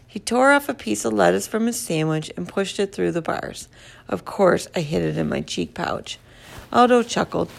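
A woman narrating a children's story in a lively, expressive storybook reading. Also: on the low side, moderate pace, gravelly.

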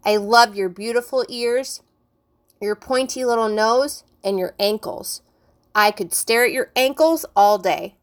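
A woman's voice: fairly high pitch, measured pace, close to an everyday voice. Smug male teacher, mocking, theatrical, teasing, woman reading.

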